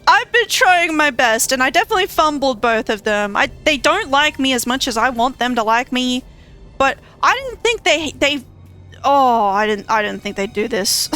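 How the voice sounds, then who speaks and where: A woman's voice: high-pitched, expressive, moderate pace, bright, forceful tone, faint music behind. A woman streaming a story game, reacting in casual, exclamatory commentary with frequent swearing and laughter. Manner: exclamatory and profane, often laughing. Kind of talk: casual let's-play commentary.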